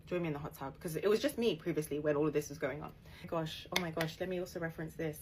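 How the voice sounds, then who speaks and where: A young woman telling a story in a casual, animated way, dropping her voice to quote others. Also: low-pitched, rapid-fire, noisy background. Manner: animated, laughing bursts, quoting others in a hushed voice.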